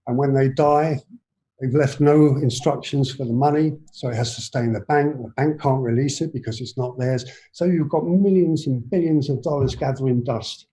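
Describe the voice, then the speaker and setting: A man in his seventies with an English accent, a guest telling his life story in a rambling, halting way full of restarts. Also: mid-range voice, warm tone, rough recording. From England. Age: 70s. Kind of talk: personal storytelling in an interview.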